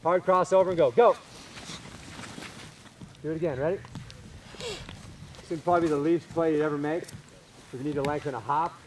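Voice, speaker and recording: A man coaching baseball infielders on a field, calling out short, energetic drill cues and explaining technique. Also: a little high, normal speed, long pauses, a little hiss or hum.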